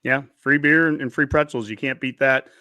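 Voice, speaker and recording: A man's voice: mid-range voice, fairly even intonation, normal speed, bright, forceful tone, no echo. A man hosting a casual sports podcast with easygoing chat and sponsor plugs. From Nebraska. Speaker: podcast host.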